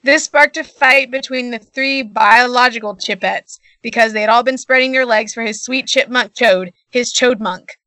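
A young woman co-hosting a podcast, reading an absurd story aloud in a deadpan way over a video call. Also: fairly high pitch, normal speed, few pauses, no echo. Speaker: podcast co-host.

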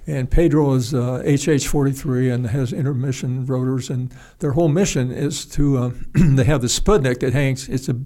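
An older man, a retired pilot, telling a story in a halting, rambling way with restarts and salty language. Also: mid-range voice, fairly even intonation, warm tone. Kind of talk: casual spoken storytelling.

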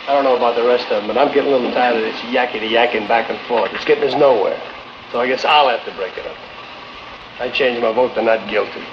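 An actor playing a brash, impatient male juror who rushes through his lines in a fast, dismissive way, in a 1950s film drama. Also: mid-range voice, close to an everyday voice. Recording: dull noisy old film soundtrack.

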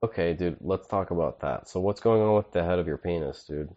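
A man's voice: deep voice, a little fast, warm tone, muffled recording. A man co-hosting a comedy podcast, laid-back and riffing, saying "dude" a lot. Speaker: podcast co-host. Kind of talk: casual comedic chat.

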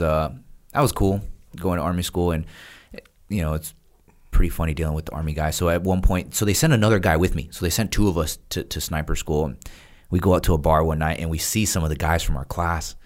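A man's voice: low voice, fairly quick. A man telling stories casually in a podcast interview, acting out the people he quotes. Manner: animated, acts out quoted voices. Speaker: guest, retired Navy SEAL. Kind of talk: casual storytelling.

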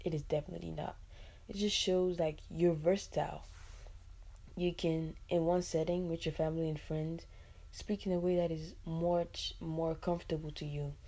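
A woman's voice: deep voice, level tone, moderate pace, dark tone. A Nigerian woman hosting a podcast, talking casually and expressively on her own, with many "like" fillers and asides. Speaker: podcast host. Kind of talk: casual solo podcast talk.

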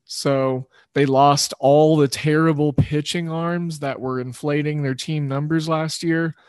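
Guy hosting a betting show, kinda rambly, a bit high-voiced, dry no-room sound. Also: steady tone, a little slow, a little mellow, clear, resonant tone, no echo. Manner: loose, rambling, self-correcting. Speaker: sports betting show host. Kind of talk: casual sports betting talk.

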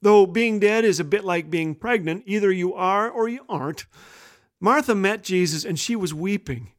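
A man's voice: high-pitched, normal speed. A man hosting a humorous devotional radio talk, telling funny stories before an earnest point. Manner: jokey, warm storyteller turning earnest. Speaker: host.

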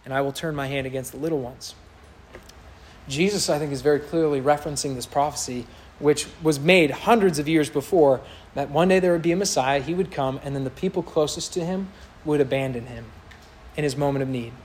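A man's voice: on the high side, brisk, a little mellow, a little hiss or hum. A man preaching a sermon in a conversational way, acting out quoted voices now and then. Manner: conversational, mocks voices when quoting.

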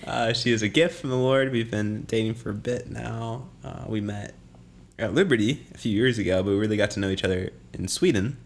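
A man's voice: fairly low pitch, a little fast, vocal fry, slight background noise. A young man co-hosting a casual podcast, laid-back and laughing often. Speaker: podcast co-host.

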